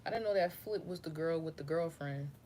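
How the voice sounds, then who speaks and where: Low-voiced woman giving a casual tarot reading. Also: fairly quick, heavy background noise. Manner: loose, profane, rambling, slangy. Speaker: tarot reader. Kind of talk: casual spiritual reading to camera.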